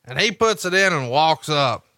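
Male performer doing a cocky wrestler, crude, bright and dry. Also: lively intonation, dry recording. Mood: boastful. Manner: brash, boastful, high and fast.

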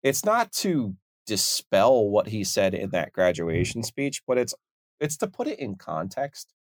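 A man hosting a podcast, talking in a measured, conversational way. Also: on the low side, sing-song, no room sound, studio quality. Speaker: podcast host.

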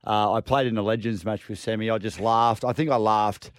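A man's voice: fairly low pitch, steady tone, fairly quick, no echo. A man with an Australian accent co-hosting a sports radio show, a former player who laughs easily and chats enthusiastically about old teammates. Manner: laughing, enthusiastic, mate-ish. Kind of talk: casual sports radio chat.

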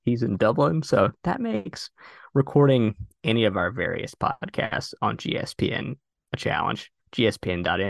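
A male podcast host in casual chat with a deadpan, self-deprecating humor. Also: on the low side, gravelly, dry recording, studio quality.

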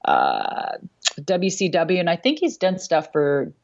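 A woman's voice: on the low side, wildly swooping pitch, slow, darkish tone, highs cut off. Blunt, salty-tongued woman host. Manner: blunt and salty, swears freely, laughs often. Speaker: show host and former wrestler. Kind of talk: casual chat.

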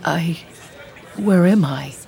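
A woman reading a story aloud, voicing a befuddled elderly grandfather who was once a special agent, in a low, subdued voice. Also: slow, creaky, dark tone. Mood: dazed. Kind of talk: audiobook character voice.

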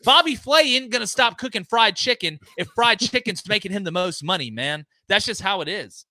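Emphatic folksy man, high and lively. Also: moderate pace, dry recording. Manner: emphatic, folksy, repeats words when excited. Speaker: guest sports analyst. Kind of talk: animated casual podcast talk. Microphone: remote call.

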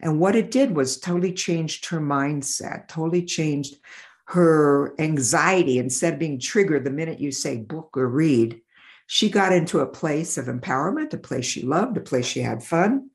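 Low, gravelly-voiced woman telling stories. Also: normal speed. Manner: animated, acts out voices in her anecdotes. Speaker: developmental optometrist. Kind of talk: storytelling in a podcast interview.

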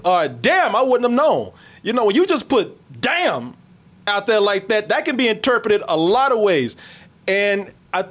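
A man hosting a casual reaction chat, animated, laughing often and swearing freely. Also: high-pitched. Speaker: podcast host.

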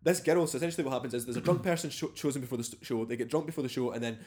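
A young Scottish man co-hosting a podcast, telling stories in an animated way, with many fillers. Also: mid-range voice, racing. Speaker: podcast co-host. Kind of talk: casual podcast chat.

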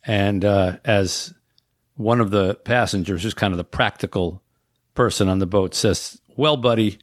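A man's voice: deep voice, steady tone, no echo, studio quality. Earnest man reading his own novel. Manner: earnest, measured storytelling. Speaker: author.

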